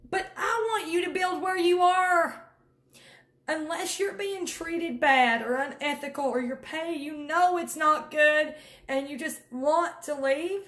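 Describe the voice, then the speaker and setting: A woman's voice: very high-pitched, fairly bright tone. A woman giving viewers an emphatic, preachy pep talk about network marketing, calling them honey and y'all. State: near tears at times. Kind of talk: direct-to-camera pep talk. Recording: echoey room.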